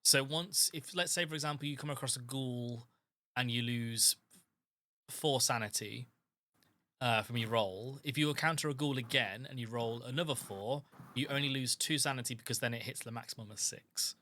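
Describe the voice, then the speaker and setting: Bright-voiced man explaining game rules. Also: mid-range voice, normal speed. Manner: hesitant, lots of ums. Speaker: game master.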